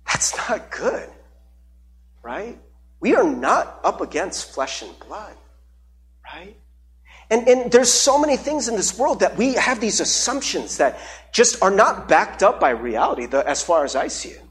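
A man's voice: high voice, very animated, a little slow, a bit bright. A young adult male pastor preaching a sermon, earnest and openly emotional, often checking in with "right?".

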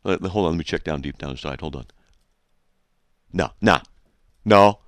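A man hosting a radio show, reading a hostile letter aloud and mocking it with sarcastic, rambling, deadpan asides. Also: rumbling low, moderate pace, dry recording, clean studio sound.

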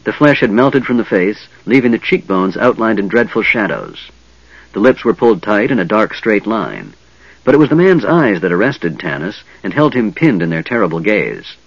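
Husky man narrating a fantasy audiobook. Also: lowish voice, normal speed, dry recording, muffled recording. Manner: dramatic, expressive reading.

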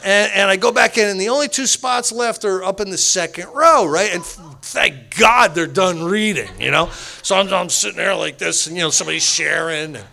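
A man shares his recovery story with a group in an animated, storytelling way. He acts out what people said and laughs often. His voice sits high and has a gravelly fry with a bright, sharp edge. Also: normal speed. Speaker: speaker at a recovery meeting.

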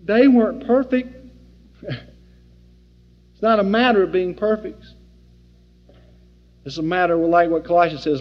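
High-voiced folksy preacher in an echoing hall. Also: male voice, unhurried, long pauses. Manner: folksy, animated, plays out scenes. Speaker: Bible teacher. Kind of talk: informal sermon. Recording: dull lo-fi recording in a reverberant hall.

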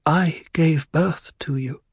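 A woman playing a gentle grieving mother. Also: on the low side, expressive, unhurried, no echo, studio quality. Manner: gentle, soothing. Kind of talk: radio drama acting.

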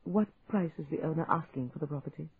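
A man reading an audiobook, voicing a determined young woman who speaks in a brisk, cutting way. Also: a little high, gravelly, husky, exaggerated voice. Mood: brisk, indignant. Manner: brisk, cutting, mock disbelief. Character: determined, sharp-tongued young woman buying a shop. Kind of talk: audiobook dialogue. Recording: tinny phone-like sound, faint hiss.

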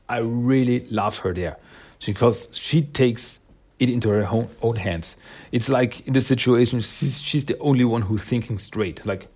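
A man's voice: mid-range voice, moderate pace, a little mellow, slightly rough. A man casually recapping a cartoon episode, rambling with fillers and chuckles.

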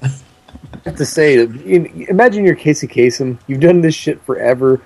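A man co-hosting casual comedic banter, laughing often, profane and animated. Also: fairly high pitch, moderate pace, vocal fry, slightly rough, low-quality recording. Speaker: podcast co-host.

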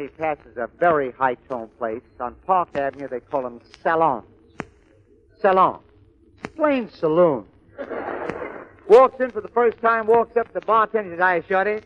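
A comedian telling jokes in punchy, clipped beats, on a lo-fi old radio recording. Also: male voice, high voice. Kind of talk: joke-telling comedy monologue.

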